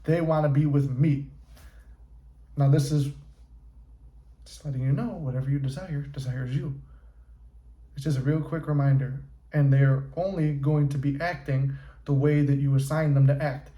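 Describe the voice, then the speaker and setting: A man's voice: mid-range voice, steady tone, moderate pace, pauses often, mellow. Casual, profane male manifestation coach. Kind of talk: casual motivational monologue. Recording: echoey room.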